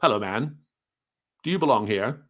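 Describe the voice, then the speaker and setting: A man's voice: mid-range voice, animated, normal speed, natural voice. A man putting on a fussy pompous little detective. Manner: pompous, lecturing.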